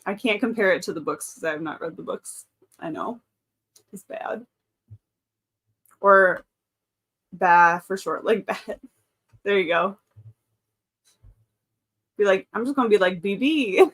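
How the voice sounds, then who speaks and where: A woman's voice: medium pitch, measured pace, long pauses, a bit bright, slightly rough. Brief: woman, 30s, livestream host, casual and chatty, mid-range voice. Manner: chatty, reads out chat comments, frequent laughs. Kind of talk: casual live-stream chat.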